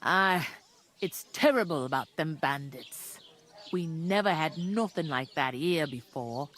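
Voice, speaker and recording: An actress voicing a blunt, bossy village tavern keeper with a northern English accent and coarse rural dialect. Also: female voice, sits low, expressive, unhurried, a bit bright, a little hiss or hum. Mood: gossipy. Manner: bossy, scolding. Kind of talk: video game voice acting.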